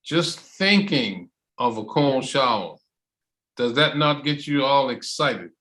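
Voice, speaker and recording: A man hosting an online English chat club over a video call, loud and enthusiastic, stretching out his phrases for emphasis. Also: mid-range voice, animated, slow pace. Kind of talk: motivational casual talk.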